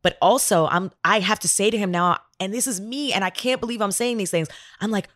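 A woman's voice: a little fast, few pauses, no echo, clean studio sound. A woman in her thirties co-hosting a parenting podcast in casual chat, acting out dialogue with big swings in her voice. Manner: animated storyteller who acts out dialogue with big pitch swings. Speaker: podcast co-host.

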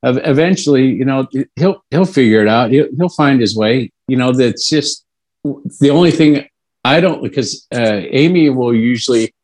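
A man's voice: medium pitch, normal speed, a little mellow. A man co-hosting a podcast, chatting in an easygoing way and laughing along as he gives parenting advice. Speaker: podcast co-host. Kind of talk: casual chat.

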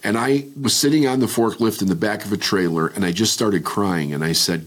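Middle-aged male guest, very low husky voice, candid storyteller. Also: fairly quick, few pauses. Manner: candid, reflective storytelling with frequent restarts. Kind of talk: personal story in interview.

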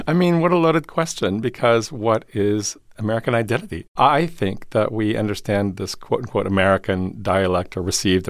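A male professor speaking as an interview guest in a studio, with expansive, animated explanations. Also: lowish voice, no echo. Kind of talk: conversational interview.

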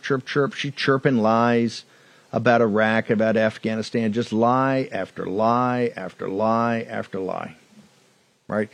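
A man's voice: mid-range voice, no room sound. A man hosting a political talk show, delivering a combative, mocking monologue with lots of repetition.

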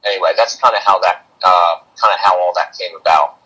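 Husky, bright-voiced man on a podcast. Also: deep voice, fairly quick, rough recording. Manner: earnest, conversational, acts out parent and kid voices. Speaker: parenting guest. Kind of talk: podcast conversation.

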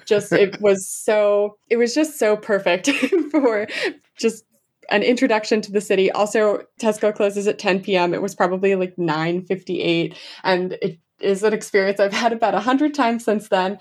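A young adult woman chatting as an enthusiastic travel guest, full of fillers and quick asides. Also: medium pitch. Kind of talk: casual interview chat.

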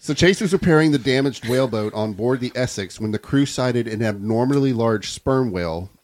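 A man's voice: medium pitch, expressive, fairly quick. A man hosting a casual podcast, telling a historical story from notes and breaking off to banter with friends.

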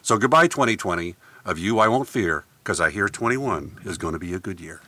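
Low bright-voiced man reciting comic rhymes. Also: a little fast, no room sound. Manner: jokey, deadpan delivery of rhymes. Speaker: comedy contributor. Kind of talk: casual chat, reciting a rhyming comic poem.

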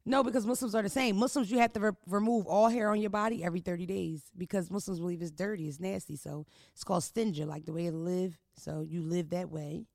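A woman hosting a casual podcast chat, ranting loudly in a blunt, profane way. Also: on the low side, fairly even intonation, fast, gravelly, hardly any pauses, no echo, studio quality. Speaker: podcast host. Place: indoor recording room.

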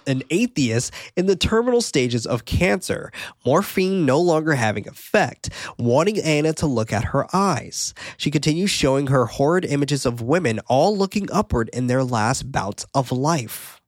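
A man's voice: fairly high pitch, lively intonation, moderate pace, no echo, clean studio sound. A man co-hosting a podcast, casually recapping a film's plot, laughing often and swearing. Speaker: podcast co-host. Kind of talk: casual film recap chat.

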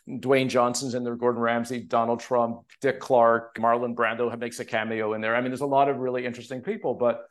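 A man from Canada, a TV producer and author, telling emotional stories in a casual podcast interview over a remote call. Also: mid-range voice. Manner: animated, emotional storytelling.

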